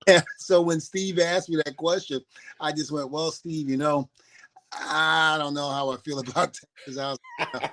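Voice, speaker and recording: A man from New York spins a story as a guest, mid-pitched and even-voiced. He throws himself into it, acting out each person's lines as he goes. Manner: animated storyteller who acts out the voices of the people in his story. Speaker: guest, former wrestler. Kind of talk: storytelling in an interview.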